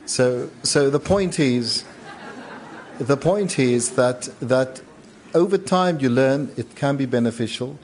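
A man's voice: medium pitch, takes it slowly, darkish tone, slight background noise. Emphatic man on a conference panel. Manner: emphatic, repetitive, rousing. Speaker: panelist, media owner. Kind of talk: panel discussion. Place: large conference hall.

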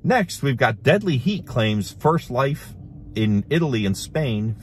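A middle-aged man hosting a casual commentary show, reading headlines aloud and adding animated, laughing remarks. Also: mid-range voice, measured pace, a little hiss or hum. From United States. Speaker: host.

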